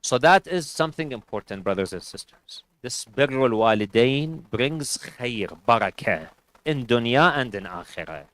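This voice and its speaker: A man's voice: mid-range voice, animated, normal speed, fairly bright tone, no echo, rough recording. A man giving a sermon at a community gathering, earnestly advising parents and families and mixing in Arabic religious phrases. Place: community centre hall.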